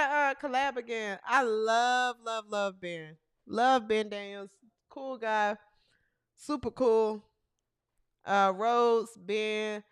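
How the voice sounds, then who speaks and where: A woman hosts a casual livestream podcast about women's basketball, chatting with her live chat, reading out team rosters and fumbling with her setup. She sounds chatty and animated, with a clear, resonant, mid-range voice.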